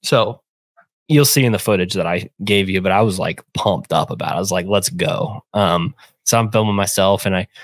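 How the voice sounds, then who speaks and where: Young guy telling a hunting story, lowish voice, dry close sound, lots of jumps up in pitch when he acts out the call. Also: dry recording. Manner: animated retelling, acts out phone call voices. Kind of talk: casual storytelling.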